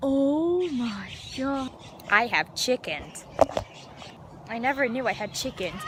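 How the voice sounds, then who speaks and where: A young woman vlogging on her phone in a backyard, excitable and giggly, gasping and sometimes dropping to a whisper. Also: a little high, slow. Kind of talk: casual vlog chatter. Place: backyard outdoors. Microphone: handheld phone. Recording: noisy outdoor phone recording. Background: outdoor ambience with animals.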